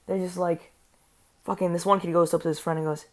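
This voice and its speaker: A woman's voice: on the low side, level tone, brisk. A woman telling a story for her vlog, rambling, swearing a lot and sounding incredulous. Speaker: vlogger. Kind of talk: casual story time.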